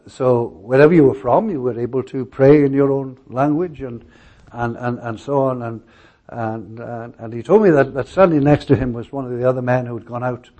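A male pastor preaching a sermon, telling stories in a halting way with many restarts and fillers. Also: medium pitch, mellow, highs cut off.

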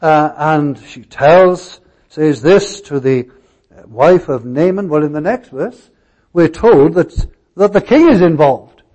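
A male pastor preaching a sermon, telling stories in a halting way with many restarts and fillers. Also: a little high, expressive, a little mellow.

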